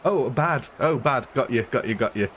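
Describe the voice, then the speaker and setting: A man from Britain talks casually over a live game stream, chatty and self-mocking. His voice sits in an ordinary middle pitch. Faint noise hums behind him. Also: lively intonation, brisk, fairly bright tone. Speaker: gaming streamer.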